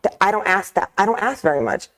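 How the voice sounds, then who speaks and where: A woman's voice: medium pitch, lively intonation, fast talker, a loud crowd. A mother co-hosting a podcast, speaking candidly and directly in casual chat. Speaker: podcast co-host.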